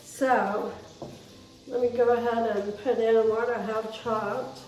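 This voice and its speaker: Fairly high-pitched, slow and a little mellow, this woman keeps a level tone during her casual cooking demonstration at home. She chops while chatting folksily to viewers, with the mic at a distance in a roomy kitchen and faint noise.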